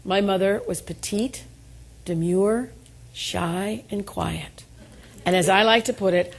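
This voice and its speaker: A woman's voice: medium pitch, takes it slowly. A middle-aged woman giving a motivational keynote to an audience, telling stories with self-deprecating humor and calling for responses. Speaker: keynote speaker. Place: event room before an audience.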